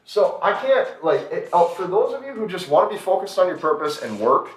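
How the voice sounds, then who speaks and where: A man's voice: high-pitched, very animated, brisk. A man giving direct dating advice in a lecturing tone, speaking straight to the listener. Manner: lecturing, addresses listener as you. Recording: echoey room in a played clip.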